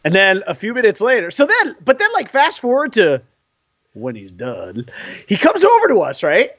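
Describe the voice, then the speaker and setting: A man's voice: extremely high pitch, fairly quick, no room sound, muffled recording. A man in his forties co-hosting a casual sports podcast, telling stories with lots of laughs. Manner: animated storyteller, laughs often. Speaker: podcast co-host.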